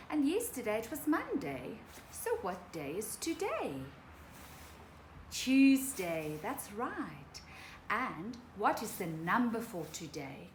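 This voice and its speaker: A woman teaching a remote morning circle to small children, singing and talking playfully in a singsong manner. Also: mid-range voice. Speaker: preschool teacher. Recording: echoey room with faint hiss.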